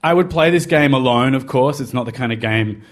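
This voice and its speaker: Aussie guy telling a story on himself, dry and self-mocking, mid-pitched voice. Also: fairly quick. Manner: wry, self-deprecating confessional telling. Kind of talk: personal story told to a live podcast.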